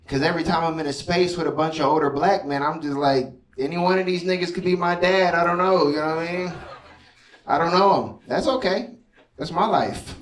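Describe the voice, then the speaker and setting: A man in his thirties doing a stand-up comedy set, chatty and conversational, often checking in with the crowd. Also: a little high. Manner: conversational, keeps asking the crowd "you know what I mean". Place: comedy club stage before a laughing audience. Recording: roomy live club sound from far off, crowd laughter.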